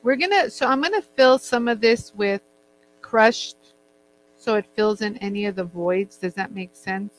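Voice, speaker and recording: A woman's voice: medium pitch, a little slow, poor audio. A woman teaching jewelry making in a casual, chatty way, joking with her crew as she works. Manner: chatty, jokey, laughs often. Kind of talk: casual demo chat. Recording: faint mains hum.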